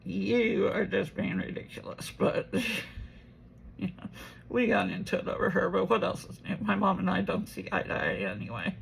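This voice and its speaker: A woman's voice: mid-range voice, sing-song, normal speed, creaky, a little hiss or hum, low-quality recording. A woman crafting at home while telling a rambling family story, full of "you know" asides. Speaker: resin jewelry crafter.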